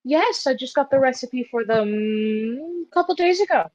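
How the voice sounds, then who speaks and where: A woman's voice: sits high, lively intonation, normal speed, a little mellow, no room sound, lo-fi sound. A woman running a tabletop game as game master, speaking unhurriedly with many hesitant fillers.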